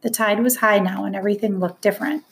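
Woman, audiobook narrator, first-person story, earnest, measured. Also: mid-range voice, steady tone.

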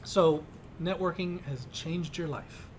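A man hosting a casual interview podcast, jokey and animated, acting out quotes as he tells stories. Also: a little high, slow pace, background noise. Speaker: podcast host.

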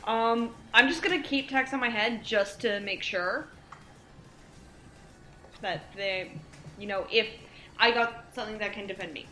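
A woman's voice: mid-range voice, a little slow, pauses often, bright, forceful tone, soft background music. A woman playing in a tabletop game, chatting casually. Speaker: player. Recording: echoey room, faint noise.

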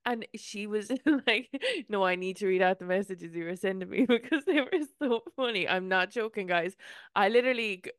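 A woman's voice: medium pitch, normal speed, smooth, no room sound, clean studio sound. A young woman co-hosting a podcast, laughing often while she chats and retells messages. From Ireland. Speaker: podcast co-host. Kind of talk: casual chat.

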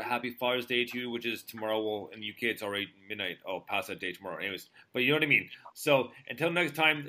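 Bright-voiced laid-back male radio host. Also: medium pitch. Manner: laid-back, rambling, frequent fillers and restarts. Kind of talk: casual chat.

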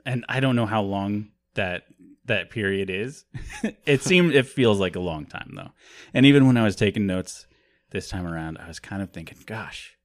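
A man's voice: lowish voice, animated, moderate pace, no echo. A man co-hosting a casual podcast about movies, joking and rambling with frequent laughs. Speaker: podcast co-host.

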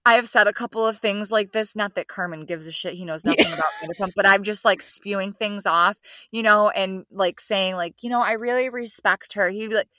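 A woman's voice: mid-range voice, a little fast, hardly any pauses, pushed and bright, no echo, clean studio sound. A woman co-hosting a podcast in casual chat, talking in a chatty, agreeable way. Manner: chatty, agreeable, laughs along. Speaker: podcast co-host.

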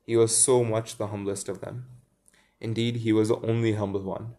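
Gravelly, dark-voiced man reading aloud. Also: lowish voice, flat delivery, normal speed. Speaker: reader and commentator. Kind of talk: reading a story aloud with commentary.

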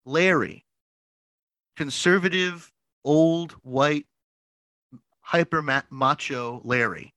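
Rambling, animated pastor with a bright voice. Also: male voice, fairly high pitch, takes it slowly, pauses often, no echo, rough recording. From northern United States. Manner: rambling, repeats words, animated storytelling. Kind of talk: casual podcast chat.

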